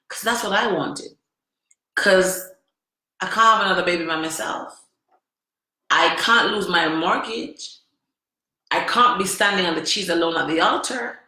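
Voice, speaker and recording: A woman's voice: lowish voice, normal speed, bright, forceful tone. A woman vlogger telling a personal story with emphasis, repeating phrases and asking the listener questions. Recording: very echoey room.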